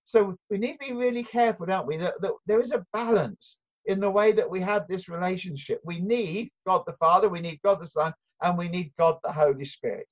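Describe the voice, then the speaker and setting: An older man preaching a sermon in an earnest, halting way, with many restarts and rhetorical questions. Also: sits high, dull audio.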